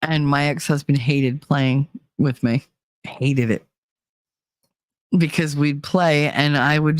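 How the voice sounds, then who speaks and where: A woman's voice: deep voice, little pitch movement, slow, no room sound, studio quality. A woman hosting a casual chat show, telling stories in a blunt, profane way and laughing often. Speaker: podcast host.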